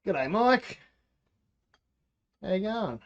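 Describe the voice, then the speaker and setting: A man's voice: sits high, very animated, extremely slow. An Australian man hosting a home brewing livestream, chatting casually, talking to himself and answering viewers while he works. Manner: rambling, talks to himself and reads out chat. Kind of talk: casual live-stream chat while brewing. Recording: slightly dull lo-fi sound.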